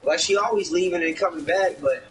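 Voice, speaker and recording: A man's voice: fairly high pitch, a little fast, far from the mic, a little hiss or hum, low-quality recording. A man telling a rambling, heavily profane story in casual talk, often acting out other people's words. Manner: rambling, swears often, acts out others' lines.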